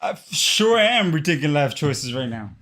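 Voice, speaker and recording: A young man streaming live in casual chat, excitable and swearing freely, calling everyone bro and dropping in Spanish phrases. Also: a little high, moderate pace. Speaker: livestreamer.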